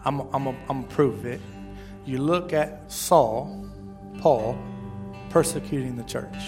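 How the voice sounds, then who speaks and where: A man preaching a sermon as pastor, talking to the congregation conversationally, with restarts and sudden loud rises. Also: medium pitch, slow pace, music in the background.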